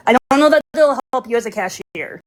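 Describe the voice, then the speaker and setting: A woman's voice: fairly high pitch, animated, a little fast. A woman co-hosting a live stream, chatting casually in a rambling way with lots of filler words. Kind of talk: casual chat.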